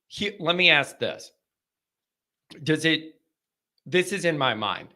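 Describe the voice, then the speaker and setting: A man hosting a live sports call-in stream, rambling and animated. His voice sits a little high, with a bright, forceful edge, and he keeps circling back to the same phrases. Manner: animated, rambling, repeats himself.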